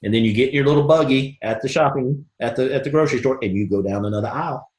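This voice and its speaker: A man leading a live motivational coaching call, energetic and acting out both sides of sample conversations. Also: medium pitch, fast, reverberant. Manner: energetic, folksy, acts out both sides of dialogues. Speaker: network marketing team leader.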